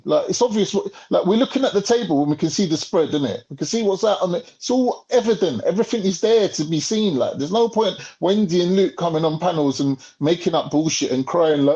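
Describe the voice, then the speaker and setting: A man holds forth in a heated, profane rant. His fairly high voice swoops up and down, and it stays mellow and dark in tone. The recording is a bit muffled and lo-fi. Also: big pitch swings, moderate pace. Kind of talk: casual podcast chat. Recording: slightly muffled lo-fi audio.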